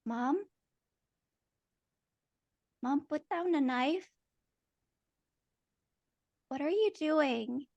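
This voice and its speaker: A frightened little girl , played by a woman at a tabletop game, speaks in a high, pleading voice. She is scared and begs. The sound is dry and close. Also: lively intonation, drawn-out words, creaky, long pauses, darkish tone, no room sound, highs cut off, heavily acted.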